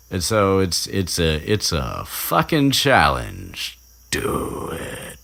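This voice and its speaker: A man with a very deep, gravelly voice talks through a story in loose, casual chat. He rambles and restarts often, and slips into brief character voices along the way. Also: huge pitch swings, fairly bright tone. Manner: rambling, many restarts and fillers, puts on quick voices for characters. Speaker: podcast host retelling a book chapter.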